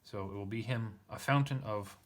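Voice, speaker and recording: A man's voice: lowish voice, moderate pace. A man working through a Latin scripture text aloud, thinking as he goes, hesitant and self-correcting, poking fun at himself. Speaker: teacher reading Latin scripture.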